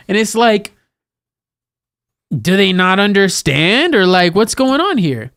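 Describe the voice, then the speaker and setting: A man's voice: sits high, takes it slowly, long pauses, smooth, no echo, clean studio sound. A man in his thirties co-hosting a podcast, chatting casually and animatedly about parenting. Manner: animated, acts out scolding a child in a raised voice. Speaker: podcast co-host. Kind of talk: casual chat.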